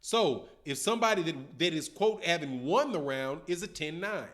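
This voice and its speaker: A man in his fifties hosting a boxing livestream, talking in slangy, animated casual commentary and answering viewer chat. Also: fairly high pitch, moderate pace. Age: 50s. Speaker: boxing channel host.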